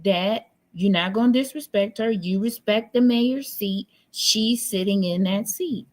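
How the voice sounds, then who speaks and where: A woman's voice: mid-range voice, unhurried. Woman streamer, casual sassy commentary, blunt and teasing, computer mic. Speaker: live stream host. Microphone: computer mic on a live stream.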